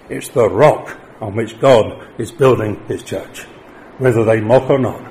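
A man's voice: measured pace, darkish tone, slight background noise, poor audio. Man preaching a sermon with rising emphasis. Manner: rises to emphatic declarations, drops low for solemn points.

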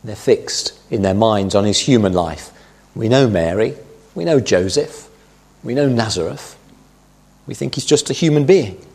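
Middle-aged male preacher, low husky voice, measured sermon delivery with emphatic quotes. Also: animated, a little mellow. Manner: measured Bible teaching, quoting scripture with emphasis.

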